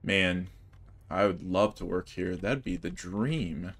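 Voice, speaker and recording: A man's voice: deep voice, takes it slowly, a bit bright. A man commenting casually as he plays a game, with a sarcastic, jokey and profane way of talking. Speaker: gamer playing through a game. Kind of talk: casual let's-play commentary.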